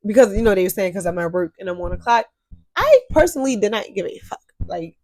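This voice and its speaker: An animated young woman recounts a drama from her job as a cashier, cursing freely and calling out to her viewers. Her voice sits at an everyday middle pitch. The sound is dry and close, with no echo. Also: fast. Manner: animated, profane, talks straight to viewers. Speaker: store cashier telling a story. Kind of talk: storytime vlog.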